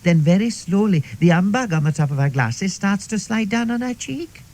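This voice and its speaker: This man's voice sits high and expressive, at normal speed with a darkish tone, on a low-quality recording. He plays a middle-aged Welsh woman in a radio comedy monologue, chatty and confiding, whose rambling tales are full of "like" and "see".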